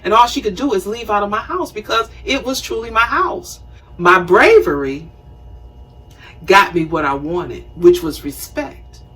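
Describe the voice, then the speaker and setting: A woman in her fifties hosting a talk show, telling a personal story in an animated, conversational way and acting out scenes. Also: mid-range voice, measured pace, breathy edge, recorded from a distance, low-quality recording. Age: 50s. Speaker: show host.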